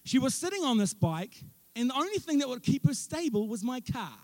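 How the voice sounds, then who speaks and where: A man's voice: extremely high pitch, very animated, a little fast, a little mellow, no room sound. A young man preaching a sermon in church, telling stories animatedly with self-mocking asides. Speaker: pastor.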